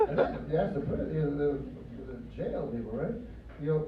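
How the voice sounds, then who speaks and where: A man doing a stand-up comedy set on a club stage, talking in a deadpan, rambling way with mock-earnest quoted voices. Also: a little high, fairly quick, recorded from a distance. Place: comedy club stage before a live audience. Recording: roomy, muffled club recording from afar. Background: audience laughter and crowd noise.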